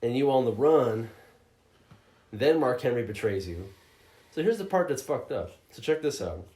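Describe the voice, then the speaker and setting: A man hosting a casual podcast chat, telling a game's story in a profane, animated way, often slipping into mocking voices. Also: medium pitch, normal speed. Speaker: podcast host reviewing a game. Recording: roomy echoey room.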